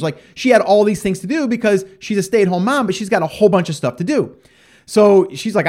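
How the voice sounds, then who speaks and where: A man's voice: sits high, animated, a little fast, a little mellow. A man giving a casual motivational talk to listeners, rambling and conversational with lots of fillers and restarts. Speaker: parent talking to listeners.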